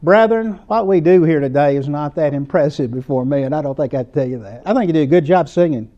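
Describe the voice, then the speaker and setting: Southern-accented male preacher, high voice, earnest, muffled recording. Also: quick pace. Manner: earnest, conversational preaching with rising emphasis. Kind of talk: sermon.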